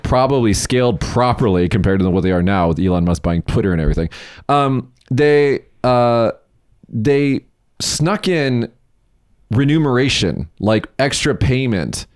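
A man hosting a casual podcast chat, a rambling, animated storyteller who acts out what others said. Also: medium pitch, dry recording, studio quality. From United States. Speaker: podcast host, company CEO.

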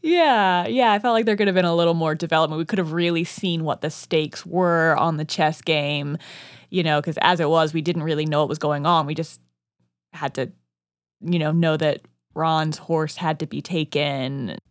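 A woman co-hosting a casual podcast, talking in quick chatty bursts full of "like". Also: low voice, no echo, studio quality. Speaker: podcast co-host, first-time reader.

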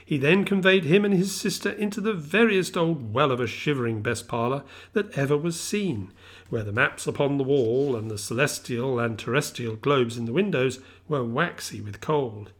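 Man reading a classic tale aloud. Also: medium pitch. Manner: measured, expressive storytelling. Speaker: reader.

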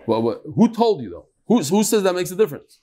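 A man teaching a Talmud class, animated, firing rhetorical questions at his students and often restarting his sentences. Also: high voice, fast talker.

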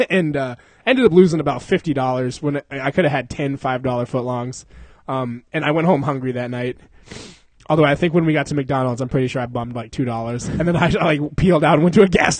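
A man's voice: medium pitch, expressive, a little fast, dry recording. A young man casually telling a rambling story to friends, laughing often and swearing.

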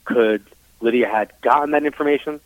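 A man from New York tells his story on a tinny, phone-like line, talking frankly and loosely with plenty of fillers. His voice sits at an ordinary middle pitch. The sound is dry and close. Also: fairly quick, dry recording. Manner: chatty, frank, many fillers, acts out quoted dialogue. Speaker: psychic medium guest. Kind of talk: casual storytelling interview.

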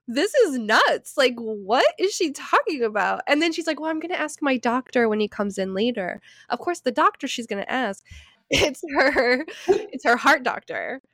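A woman in her thirties chatting on a podcast, high-pitched and animated as she tells a story. She swears freely and laughs often. The sound is close and dry, with no room echo. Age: 30s. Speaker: podcast co-host. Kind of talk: casual chat.

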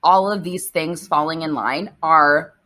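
A woman hosting a casual chat, reacting with loud surprise and cursing. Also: deep voice, measured pace. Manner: reactive, swears, expressive.

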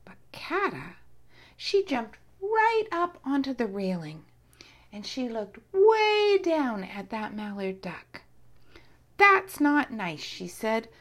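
Soft-spoken woman reading a children's story. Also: on the high side. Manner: soft, often whispered, slow and animated.

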